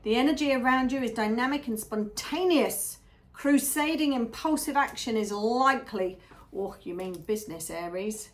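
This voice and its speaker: A woman giving a chatty, animated tarot reading, often checking in with the listener. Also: fairly high pitch, normal speed. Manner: chatty, animated, keeps asking "yeah?". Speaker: tarot reader.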